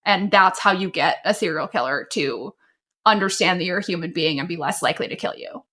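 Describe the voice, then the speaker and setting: A woman's voice: on the low side, brisk, sharp tone. A woman co-hosting a podcast, talking bluntly and animatedly in casual chat, swearing freely. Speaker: podcast co-host.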